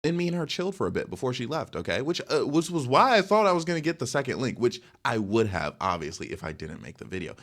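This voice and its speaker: A man's voice: quick pace, few pauses. A young man telling a casual, rambling story in slangy storytime style. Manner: rambling slangy storytelling, animated swings in pitch. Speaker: content creator.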